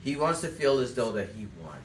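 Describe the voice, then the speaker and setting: A man with a medium-pitched, sing-song voice talks briskly while teaching a sales class, giving direct instructions and telling listeners to write things down. He's a sales trainer delivering a coaching talk, picked up by a distant mic in an echoey room with slight background noise.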